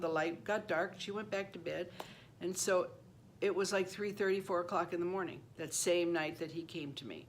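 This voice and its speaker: An older woman in her seventies with a somewhat low voice tells a personal story at her own loose pace. She rambles, doubles back and repeats phrases, and when she quotes someone she slips into their voice, going high for a child. A faint hiss sits under the recording. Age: 70s. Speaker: channel host.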